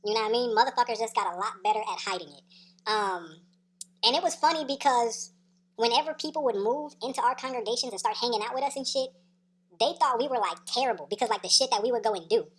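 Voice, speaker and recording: A woman with a fairly high voice spins a personal story time tale in loose, profane slang. She keeps checking in with "right?" and breaks into laughs between beats. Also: fast, breathy edge. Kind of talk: casual story time monologue.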